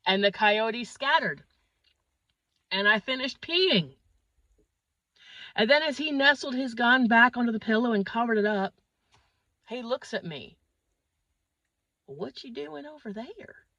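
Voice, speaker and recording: A woman's voice: on the high side, measured pace, pauses often, no room sound. A woman from northeastern Pennsylvania telling a crude, exaggerated comic story. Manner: animated, crude, exaggerated delivery. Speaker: comedian.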